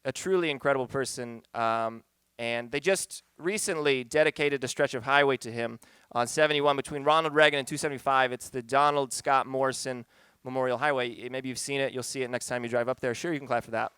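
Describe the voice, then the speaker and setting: Man, live storyteller, bright forceful tone, smooth crisp voice, conversational and wry. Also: mid-range voice, fairly even intonation, a little fast, dry recording. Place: pub stage, live event.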